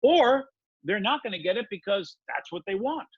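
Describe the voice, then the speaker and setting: A middle-aged man, a podcast guest, chatting casually and rambling through stories with halting restarts. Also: sits high, sing-song, slightly rough, dry recording. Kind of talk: casual conversation. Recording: dull lo-fi dry audio.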